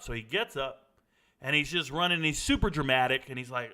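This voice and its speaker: Middle-aged male host, raised pitch, crisp bright tone, animated blunt storyteller. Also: fairly quick. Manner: animated, blunt, swears casually. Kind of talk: casual storytelling.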